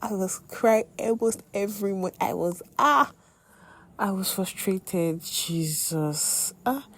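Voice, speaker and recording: A young woman hosting a podcast, telling a personal faith testimony in an expressive way, with sudden exclamations. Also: mid-range voice, slow pace. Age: young adult. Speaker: podcast host.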